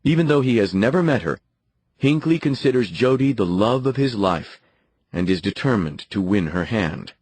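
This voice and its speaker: Low-voiced male audiobook narrator. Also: expressive, a little mellow, husky, no room sound. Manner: measured dramatic storytelling.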